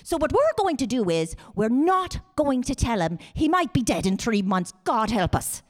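Woman playing older mother, scheming, fervent, high-pitched, pleading. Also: sing-song, moderate pace. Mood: urgent. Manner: urgent, pleading, swearing by Jesus.

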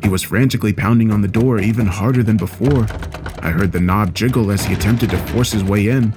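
A man reading a scary story aloud in a measured, steady storytelling voice. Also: lowish voice, background noise. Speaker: narrator. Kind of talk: scripted horror story narration.

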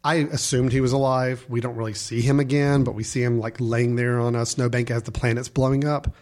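A man in casual conversation, giving measured, opinionated takes on a film and explaining his reasoning. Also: medium pitch, little pitch movement, darkish tone. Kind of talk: casual movie discussion.

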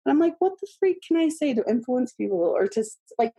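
A woman in her thirties, an interview guest, telling a personal story in a chatty, animated way with many fillers and laughs. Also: high-pitched, quick pace, slightly rough. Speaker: podcast guest.

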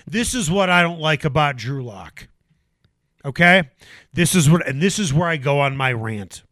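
A man hosting sports talk radio, arguing and ranting in an animated way. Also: a little high, moderate pace, dry recording. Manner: animated, ranting, mocking impressions.

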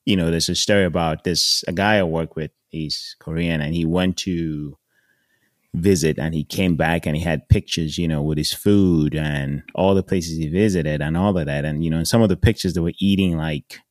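A man with a very low voice co-hosts a podcast in a reflective way. He pauses with frequent ums and lets his phrases fade. The recording is dry and close. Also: no echo. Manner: reflective, many ums, trailing off softly. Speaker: podcast co-host.

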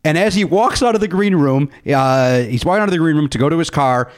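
Animated man telling comedy stories. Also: on the high side, quick pace. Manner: animated storyteller, acts out quotes in raised voices. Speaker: podcast host. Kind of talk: casual comedy podcast chat.

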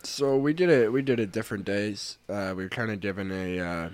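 A young man with a fairly low voice talks in a loose, casual podcast chat. He laughs often and gets animated as he tells locker-room stories. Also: fairly quick, dry recording. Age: young adult. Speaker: junior hockey player, guest.

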